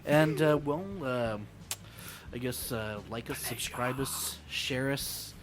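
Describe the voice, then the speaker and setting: A man's voice: medium pitch, slow, slight background noise. A man hosting a podcast, wrapping up with crude jokes and loose rambling. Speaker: podcast host. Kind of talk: casual chat.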